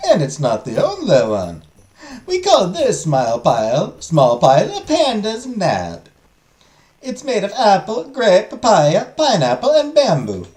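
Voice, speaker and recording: A man voicing a cheerful, pushy spice and tea merchant with a put-on Italian accent and high, drawn-out sales patter. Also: huge pitch swings, warm tone. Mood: coaxing. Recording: echoey room, faint music.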